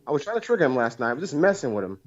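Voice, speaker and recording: A man calls in to a live show and tells a long story, rambling and swearing and repeating himself. His voice is high for a man. The call line sounds muffled and dull. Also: sing-song, very fast. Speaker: caller.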